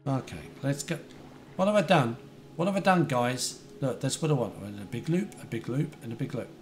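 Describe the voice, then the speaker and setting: A man's voice: medium pitch, expressive, a little fast, slight background noise. Chatty British man streaming a game. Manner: chatty, talks to chat viewers, remembers their details. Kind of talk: casual live-stream gameplay chat.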